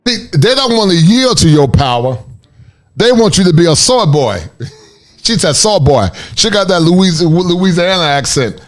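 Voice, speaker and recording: A man's voice: high voice, big pitch swings, normal speed. Preachy man commenting on clips. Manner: laughing, preachy asides to viewers. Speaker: commentary channel host. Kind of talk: reaction commentary.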